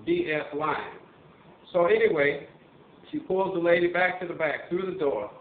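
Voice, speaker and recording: An older man, a retired police officer from Missouri, telling stories in a halting casual way with many fillers and restarts. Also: fairly high pitch, slight background noise. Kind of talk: casual storytelling monologue. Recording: tinny phone-like line, roomy echo.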